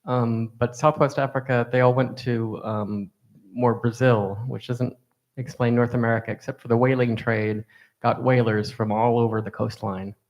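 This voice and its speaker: A man's voice: medium pitch, flat delivery, normal speed. A man with a mid-range voice introduces himself to a group. He rambles and thinks aloud, working through his ideas. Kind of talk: casual self-introduction.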